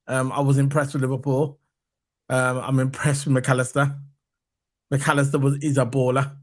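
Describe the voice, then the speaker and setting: A man hosting a casual football fan chat, animated and repeating his points for emphasis. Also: mid-range voice. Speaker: football podcast host.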